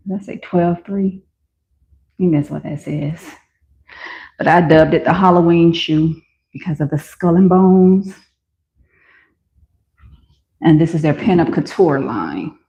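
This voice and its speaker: Warm in tone and fairly low in pitch, this woman takes her time and pauses often. She's a vlogger casually and enthusiastically chatting with viewers as she tries on and sells shoes, a shop-with-me session recorded in a roomy, slightly dull room at home.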